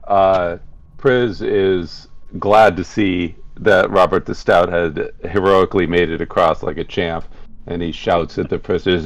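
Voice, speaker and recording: A man's voice: deep voice, fairly even intonation, moderate pace, no room sound. A man playing in a tabletop game, bantering and encouraging the other players.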